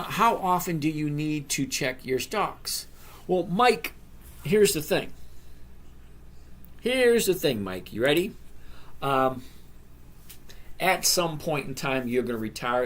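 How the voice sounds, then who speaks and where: A man in his sixties, speaking at medium pitch with slight background noise, hosts an easygoing live stream. He reads viewer questions and answers each person by name in a rambling, conversational way.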